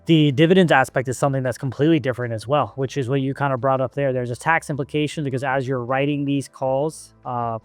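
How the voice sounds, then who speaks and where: A man hosting a podcast, chatting casually with a guest, agreeable and quick to chime in. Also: mid-range voice, fairly even intonation, no room sound, faint music behind. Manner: agreeable, quick back-channel replies. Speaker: podcast host. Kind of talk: casual interview chat.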